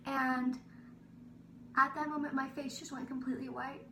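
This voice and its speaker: Young woman vlogging a story, high voice, lots of "like", echoey room, bit far from the mic. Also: moderate pace. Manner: animated, breathless storytelling with many "like" fillers. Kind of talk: storytelling vlog. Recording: roomy, a little distant from the mic, faint hiss.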